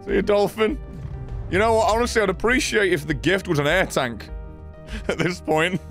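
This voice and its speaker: A man giving profane, excitable let's play commentary, often yelling at the game. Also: high voice, normal speed, soft background music. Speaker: gaming channel host.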